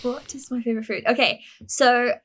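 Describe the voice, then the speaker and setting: A woman's voice: fairly high pitch, steady tone, moderate pace, fairly bright tone. A young woman from England, a fitness coach, chatting as a podcast guest in an upbeat way and laughing easily. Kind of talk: casual interview chat.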